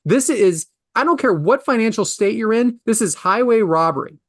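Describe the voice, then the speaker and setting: A man in his forties tells a story in a ranting, exasperated way, his pitch leaping from low mutters to high outbursts. The sound is close and dry, with no room around it. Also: animated, normal speed, no room sound. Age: 40s. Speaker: podcast host. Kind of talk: casual storytelling.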